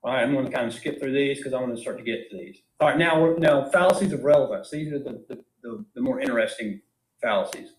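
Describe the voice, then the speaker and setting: A man's voice: medium pitch, quick pace. Man lecturing with many rhetorical questions. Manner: emphatic, full of rhetorical questions. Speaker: philosophy lecturer. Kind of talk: informal classroom lecture. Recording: echoey room.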